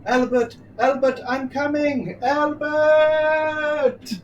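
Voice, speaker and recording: A man's voice: very high voice, flat delivery, very slow, distant mic, highs cut off, slight background noise, heavily acted. A man voicing a flustered man who hurries after a friend and calls out in a frantic, scattered way. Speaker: performer in a telepresence rehearsal.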